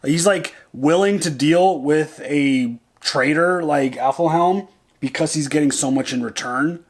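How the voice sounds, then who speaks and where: A man with a slightly high voice talks at an unhurried pace while co-hosting a reaction video. He chats casually in a loose, profane way, thinking out loud, restarting sentences and leaning heavily on "like" and "dude."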